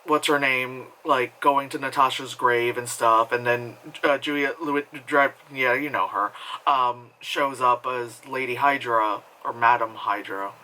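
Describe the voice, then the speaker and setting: A man's voice: mid-range voice, steady tone, a little slow, bright, forceful tone, rough recording. A man talking casually from home as he reviews a movie, rambling, swearing freely and laughing at himself. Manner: rambling, profane, self-mocking with frequent laughs.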